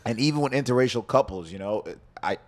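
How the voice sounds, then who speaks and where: A man's voice: medium pitch, lively intonation, quick pace. A man from New York, a podcast guest in casual chat, talking in a laid-back, reflective way and acting out voices in his stories.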